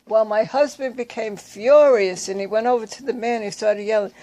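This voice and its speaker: A woman's voice: on the high side, normal speed, few pauses, mellow. An older woman telling her own story in a casual, rambling way, with fillers and self-corrections. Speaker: storyteller recounting her past. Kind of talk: casual spoken recollection.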